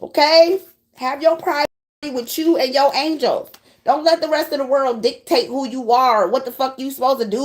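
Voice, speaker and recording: Black woman preaching at her viewers, high voice, cussing, blunt and fired up. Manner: blunt, profane, preachy and animated. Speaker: tarot reader. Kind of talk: spiritual pep talk to viewers.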